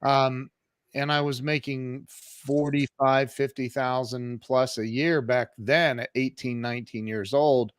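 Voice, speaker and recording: A man in his fifties, a guest on a podcast, tells his life story in a lively, conversational way, with frequent restarts and fillers. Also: medium pitch, measured pace, clean tone, no echo, studio quality. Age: 50s.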